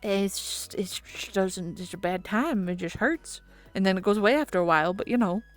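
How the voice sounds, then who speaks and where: A woman's voice: medium pitch, fairly quick, faint music behind. A woman streaming, chatting casually and giggling with her viewers, swearing now and then. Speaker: VTuber streamer.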